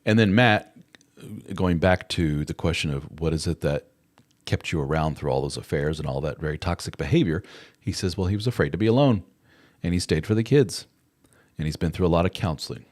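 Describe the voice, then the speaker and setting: Low-voiced man hosting a frank livestream. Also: brisk, a little mellow. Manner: frank and conversational, with occasional swearing. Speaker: host answering viewer chat. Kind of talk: casual livestream talk.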